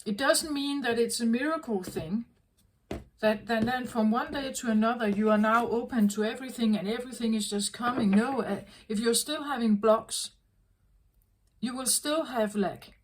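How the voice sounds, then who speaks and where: A woman tarot reader talking in a slow, earnest, reflective way, often repeating herself as she works through a thought. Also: on the high side, poor audio. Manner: slow, repetitive, earnest, self-correcting. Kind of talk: reflective spoken reading.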